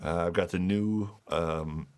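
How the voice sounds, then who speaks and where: A man's voice: low voice, fairly even intonation, takes it slowly, a little mellow, clear, resonant tone. A man co-hosting a casual gaming podcast, joking around and slipping into silly voices. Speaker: podcast co-host. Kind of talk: casual chat.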